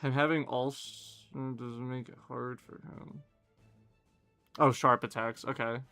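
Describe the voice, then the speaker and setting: A young man, streaming a game live and chatting casually and quickly with his viewers, joking at his own expense. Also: mid-range voice, steady tone, pushed and bright, no echo, soft background music. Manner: fast, casual, self-deprecating chatter. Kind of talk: live gameplay commentary and chat Q&A.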